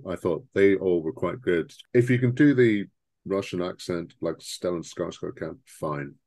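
Deep-voiced man, dry sound. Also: a little slow, a little mellow, no room sound. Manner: opinionated, rambling with restarts. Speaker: podcast co-host. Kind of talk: casual film discussion.

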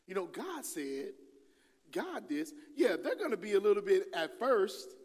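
A middle-aged man with a high, bright voice preaches a sermon in a church, with long reverb ringing around him. He swings his pitch and volume up and down as he acts out the people he quotes. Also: big pitch swings, moderate pace. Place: church sanctuary.

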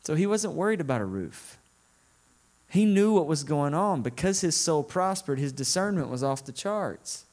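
A man's voice: on the high side, big pitch swings, normal speed, darkish tone. A man with a Southern US accent preaching a sermon in a casual, conversational way, often checking in with "right?". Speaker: guest preacher.

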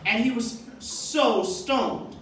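A man's voice: very high voice, takes it slowly, a crowd in the background. A man from Boston doing a stand-up comedy set, telling rambling stories full of fillers. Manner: rambling, filler-heavy storytelling. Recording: echoey club mic from far off. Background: audience laughter.

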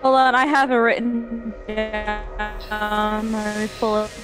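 A woman's voice: medium pitch, level tone, slow, over music. A woman playing a tabletop game, reading rule notes aloud. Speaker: player.

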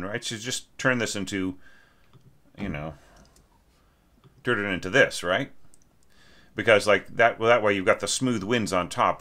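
A man reviewing a student's orchestral score in a loose, conversational way, often stopping to ask "right?" and starting his sentences over. His voice sits fairly low and sounds bright and forward. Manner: conversational, lots of "right?" and restarts, sings phrases. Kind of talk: casual critique lesson.

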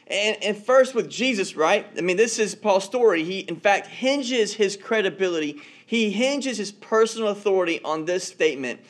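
A pastor with a notably high-pitched voice delivers a relaxed, talky sermon. He tells personal stories and doubles back on his words as he thinks aloud. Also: moderate pace, hardly any pauses. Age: adult, married father. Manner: storytelling, repeats words as he goes. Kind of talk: conversational sermon.

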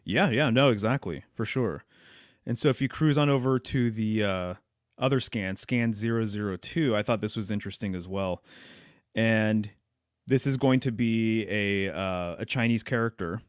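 A man's voice: fairly low pitch, normal speed, clear, resonant tone, no room sound, clean studio sound. A man hosting a podcast in casual, agreeable conversation, full of fillers. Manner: relaxed, agreeable, uses lots of fillers. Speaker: podcast host.

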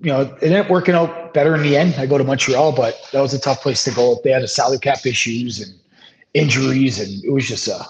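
A man's voice: mid-range voice, fast. Laid-back man telling a long story. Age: 30s. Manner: rambling, relaxed anecdotes with many fillers. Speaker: retired hockey player, guest. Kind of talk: casual storytelling interview. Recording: slightly dull lo-fi sound.

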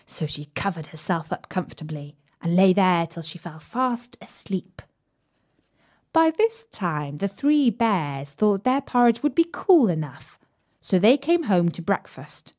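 A woman reading fairy tales aloud slowly and clearly for English learners, deliberate and sometimes dropping soft. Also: lowish voice, big pitch swings. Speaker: storyteller.

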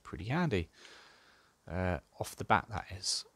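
A man's voice: low-pitched, sing-song, unhurried, fairly bright tone, no echo. A man casually talking through a strategy game as he plays, thinking aloud with dry sarcasm. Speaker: gaming channel host. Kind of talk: casual gameplay commentary.

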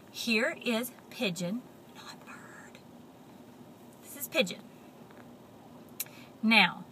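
Animated children's storyteller woman. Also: on the high side, slight background noise. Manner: animated, expressive, dips into whispers.

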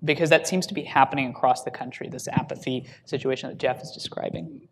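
A man's voice: mid-range voice, fast, a little hiss or hum. A man moderating a panel discussion in a hotel ballroom, asking questions in a conversational way with frequent restarts.

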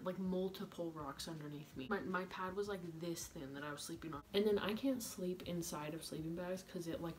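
Young woman, story-time vlog, chatty and animated, slightly low voice, faint background hum. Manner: chatty, animated, heavy use of "like". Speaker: vlogger.

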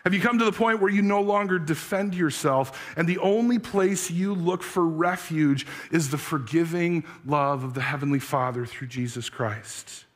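A man's voice: a little high, normal speed, hardly any pauses. Earnest man preaching a sermon. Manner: earnest, searching questions to the congregation; tells a story with acted voices. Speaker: pastor.

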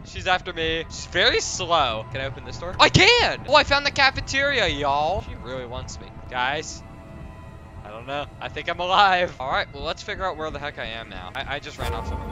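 A young man giving excited gameplay commentary in voice chat, swinging between loud yelps and muttered asides. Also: on the high side, a little fast. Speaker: gaming YouTuber. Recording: game music playing under the voice.

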